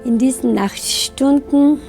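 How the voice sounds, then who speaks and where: An older woman recounting her memories in a documentary interview, in a halting way. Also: sits high, vocal fry, darkish tone, faint music behind. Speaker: eyewitness interviewee.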